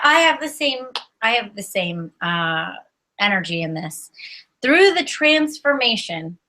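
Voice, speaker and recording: Woman tarot reader, fairly high voice, bright tone, earnest, inspirational, asks questions. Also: poor audio. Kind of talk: weekly tarot and astrology reading.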